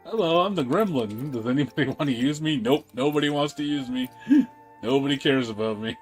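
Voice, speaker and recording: A man voicing a neglected male gremlin who complains that nobody wants him, speaking quickly in a sing-song way. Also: medium pitch, faint music behind, close to an everyday voice. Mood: self-pitying. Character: unwanted whiny male gremlin.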